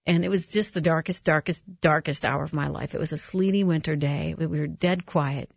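A woman's voice: sits low, steady tone, fairly quick, creaky, slightly rough, no room sound, lo-fi sound. A woman hosting a Christian radio talk show, telling a personal story in an earnest, heartfelt way. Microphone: studio microphone.

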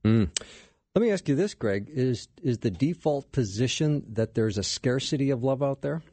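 A man's voice: mid-range voice, expressive, moderate pace, mellow, dry recording. A man hosting a Christian talk radio show in a studio, casual and self-deprecating with his guests.

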